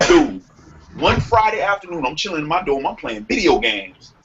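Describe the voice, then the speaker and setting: A young man telling a long story in casual podcast chat, profane and animated, acting out quotes. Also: a little high, moderate pace. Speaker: podcast co-host. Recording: muffled lo-fi sound with faint noise.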